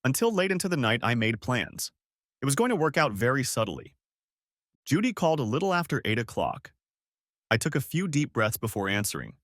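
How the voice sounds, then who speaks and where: A man narrating a first-person story as a scripted audiobook reading, in a measured, steady manner. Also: mid-range voice, dry recording, studio quality.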